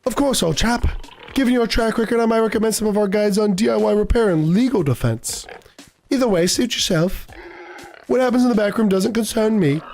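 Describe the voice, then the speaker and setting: A man's voice: high voice, brisk, creaky, a little mellow, faint music behind, pitched above the performer's own voice. A man voicing a pompous, posh male bookstore clerk who talks down to customers in a prim, condescending manner. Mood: haughty.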